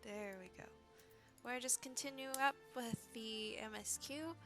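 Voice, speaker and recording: A woman's voice: on the high side, a little slow, fairly bright tone, faint music behind. A woman streamer talking casually while playing a game, hesitant and full of fillers. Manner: hesitant, chatty, many fillers.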